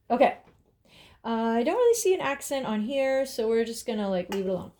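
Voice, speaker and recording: A woman's voice: fairly high pitch, expressive, normal speed, darkish tone. A woman teaching a drawing lesson, upbeat and encouraging, talking as she draws. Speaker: art teacher.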